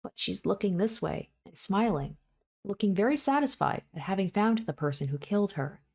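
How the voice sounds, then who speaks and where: A woman's voice: medium pitch, expressive, normal speed, vocal fry, darkish tone. A woman reading a visual novel aloud in the first person, with an intense delivery that acts out panting breaths and repeated desperate cries. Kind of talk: dramatic first-person story reading with asides.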